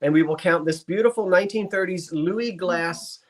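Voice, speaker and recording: A man's voice: high voice, moderate pace. A man hosting a live online antiques sale, chatty and genteel with theatrical asides. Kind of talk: live auction stream.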